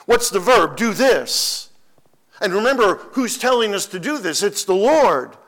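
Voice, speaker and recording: Male pastor, higher-pitched voice, emphatic sermon delivery with repetition. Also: big pitch swings, measured pace, a bit bright. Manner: emphatic preaching with repeated phrases.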